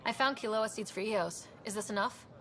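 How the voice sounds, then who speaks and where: A woman's voice: mid-range voice, fairly quick, fairly bright tone, close to an everyday voice. An actress voicing a polite female character in a video game, speaking in a matter-of-fact way. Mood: plain.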